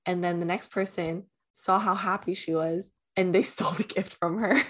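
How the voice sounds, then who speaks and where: A woman's voice: on the low side, moderate pace. Young woman podcast cohost, chatty storytelling, says like a lot, swears. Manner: animated storytelling with frequent "like" and swearing. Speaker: podcast co-host. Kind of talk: casual chat.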